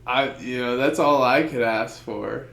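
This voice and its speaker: A man's voice: medium pitch, measured pace, vocal fry, fairly bright tone. A young man co-hosting a podcast, telling loose, profane stories in casual chat. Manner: loose, profane storytelling with put-on quote voices. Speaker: podcast co-host. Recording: echoey room.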